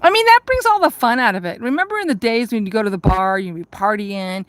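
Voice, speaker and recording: A woman's voice: on the high side, expressive, fast talker, dry recording. Rambling, profane woman vlogger. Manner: profane, ranting, laughs at herself. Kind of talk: casual rambling storytelling.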